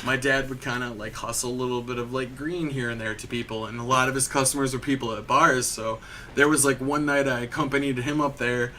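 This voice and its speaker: Rambling young man, bright voice. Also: mid-range voice, fairly even intonation, fairly quick, slight background noise. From Michigan. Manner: rambling storyteller, heavy filler "like", frequent swearing. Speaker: podcast host. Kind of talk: casual chat.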